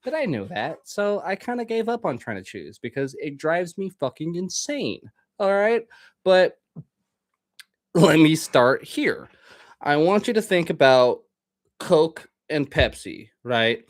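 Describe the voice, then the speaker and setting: A man's voice: fairly high pitch, very animated, unhurried, dry recording, clean studio sound. A man, the host of a podcast, delivering a casual, rambling monologue full of swearing. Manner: profane, rambling, ranting.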